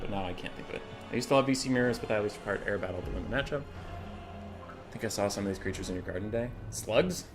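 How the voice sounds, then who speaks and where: Excitable, chatty male game streamer. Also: fairly low pitch, fast, music in the background. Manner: excitable and chatty, swears casually, chuckles often. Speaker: streamer casting a game tournament. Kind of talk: casual live-stream game commentary.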